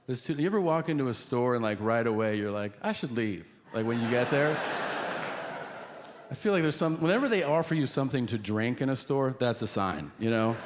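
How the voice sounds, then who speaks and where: A man's voice: mid-range voice, animated, fairly quick. A male stand-up comedian telling a story in a conversational, wry manner on stage before an audience. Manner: conversational, wry, building to exasperation. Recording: live hall with audience noise.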